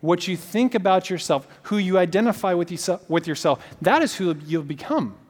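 In a sermon delivered at a moderate pace, a pastor with a high-pitched voice spins animated, loosely told stories full of fillers. His words echo with a long reverb, like sound filling a big hall.

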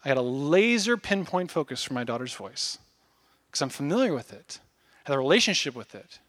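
A man in his thirties preaching a casual, animated sermon, acting out little asides as he goes. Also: a little high, a little fast. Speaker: pastor.

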